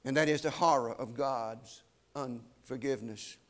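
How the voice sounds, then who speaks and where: A man preaching a sermon, solemn and emphatic, slowing down to weigh key phrases. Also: medium pitch.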